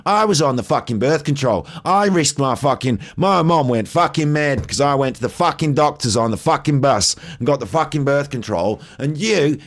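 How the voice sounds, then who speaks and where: A man's voice: mid-range voice, lightly acted. A man voicing a furious teenage girl who swears constantly as she rants at her date.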